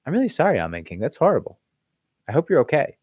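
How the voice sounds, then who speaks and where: An employment attorney hosts a livestream Q&A, reading viewer comments aloud and answering them in a loose, conversational style full of "like" and "right?". His mid-range voice swings hugely in pitch, and he talks fast with a darkish, breathy-edged tone. There's no room sound.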